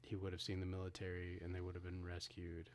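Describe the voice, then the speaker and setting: A man with a very low voice co-hosts a podcast. He retells a film's ending in casual talk, restarting his sentences and acting out the characters' lines. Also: monotone, quick pace, slight background noise. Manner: retells scenes with acted-out quotes, frequent restarts. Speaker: podcast co-host. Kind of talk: casual film discussion.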